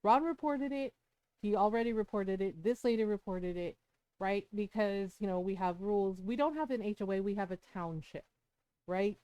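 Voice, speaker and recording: A woman's voice: mid-range voice, normal speed, dark tone, clean tone, no room sound. A woman streamer chatting casually at home, rambling and swearing, with frequent fillers and tag questions. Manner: rambling, profane, with frequent "like" and "right?". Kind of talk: casual chat.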